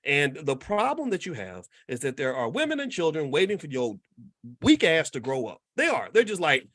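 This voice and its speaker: Man in his fifties, emphatic preacher-style host, bright lively pitch that rises and falls, dry close sound. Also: brisk, no echo. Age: 50s. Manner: emphatic, repetitive preacher-like rhetoric; conversational, asks the audience questions. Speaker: host and finance educator. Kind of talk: lively commentary monologue.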